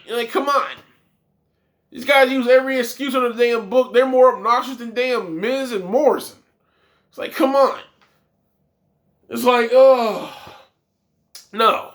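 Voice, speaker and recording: Man, high voice, wrestling reviewer, swearing rant, exasperated. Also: a little slow, long pauses, a bit bright. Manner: profane, exasperated ranting. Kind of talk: ranting vlog commentary.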